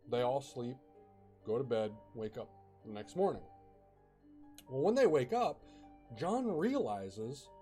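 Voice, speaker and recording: A man's voice: fairly high pitch, mellow. A man casually telling a ghost story, chatty, with fillers and bursts of dramatic emphasis.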